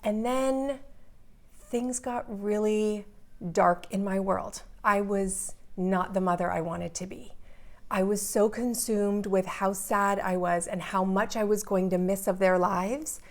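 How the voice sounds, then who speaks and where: A woman's voice: mid-range voice, steady tone, slow. A woman in her forties, earnestly telling a personal story in an interview and building intensity as she goes.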